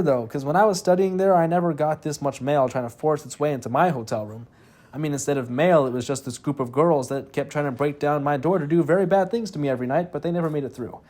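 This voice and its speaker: Young male gaming host, slightly high voice, scripted comic narration with wry throwaway asides. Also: a little mellow. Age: young adult. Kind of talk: scripted comedic narration over gameplay.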